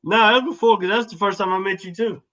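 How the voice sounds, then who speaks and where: A man's voice: high voice, fast talker, fairly bright tone, lo-fi sound. Laid-back man rambling a story. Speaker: guest. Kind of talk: casual storytelling chat.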